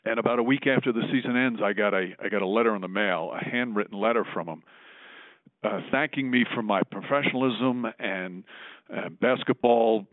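A man recounts a memory at a steady pace, often pausing on "um". His voice is slightly low. The recording is dry and thin, like a phone call. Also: dry recording. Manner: measured, fills pauses with "um". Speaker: sports broadcaster, guest. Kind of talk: casual storytelling.

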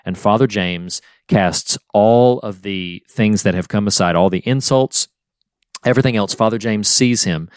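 A man's voice: lowish voice, moderate pace, clean tone, dry recording, studio quality. A man co-hosting a podcast, talking earnestly and with feeling as he retells a film scene at length. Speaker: podcast co-host. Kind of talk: casual film discussion.

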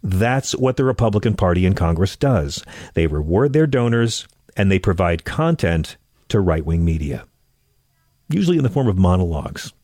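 A man's voice: deep voice, moderate pace, dry recording, studio quality. Sarcastic male political talk host. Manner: sarcastic, animated ranting with rising exasperation. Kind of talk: political commentary monologue.

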